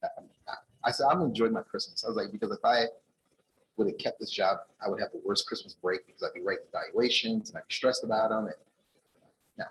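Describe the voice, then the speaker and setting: A conference speaker recounts a personal story to a ballroom audience, raising his voice as he performs the dialogue. He speaks fast in a lowish voice, captured on a low-quality recording with slight background noise.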